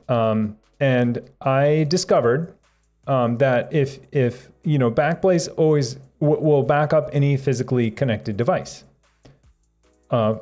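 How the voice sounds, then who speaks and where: A man hosts a relaxed tech live stream and wanders from topic to topic, chuckling as he reads comments from chat. His voice is mellow and mid-pitched, and faint music plays softly behind him. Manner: rambling, chuckling, reading chat aloud.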